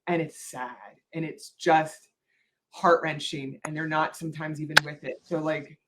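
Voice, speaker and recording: A woman's voice: low-pitched, little pitch movement, normal speed, heavy background noise. A woman veterinarian hosting an interview, talking casually and rambling, correcting herself often with lots of fillers. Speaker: veterinarian host.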